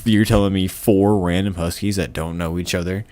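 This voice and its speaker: A man chatting as a podcast guest, rambling and swearing through animated stories. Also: low-pitched, moderate pace, slight background noise. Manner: profane, rambling, animated storytelling. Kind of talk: casual chat.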